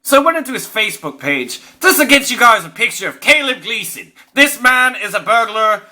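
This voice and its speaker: A man's voice: extremely high pitch, sing-song, fairly quick, sharp tone. A man hosting his own video show, telling a story in an exasperated, profane rant. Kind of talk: ranting storytelling monologue.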